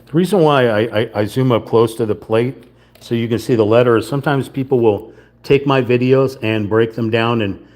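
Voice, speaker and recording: A man's mid-range, slightly mellow voice offers relaxed running commentary as he assembles a wooden model kit live. He murmurs the steps to himself while fiddling with small pieces.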